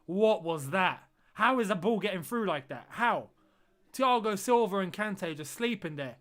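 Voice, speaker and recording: A man's voice: sits high, expressive, measured pace, fairly bright tone. A man streaming a football watch-along, reacting live to the match and repeating phrases as he groans and exclaims at the play.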